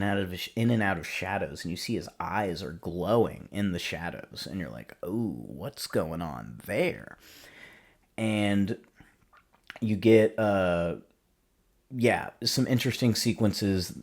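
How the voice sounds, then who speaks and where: A man with a low, deep voice recaps a film for his podcast in a loose, casual ramble. He keeps circling back and restarting as he goes. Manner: rambling, filler-heavy retelling with restarts. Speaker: podcast host.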